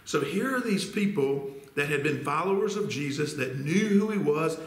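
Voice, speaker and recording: A man preaching an earnest, deliberate sermon as pastor, asking rhetorical questions. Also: fairly high pitch, expressive, roomy sound. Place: church sanctuary.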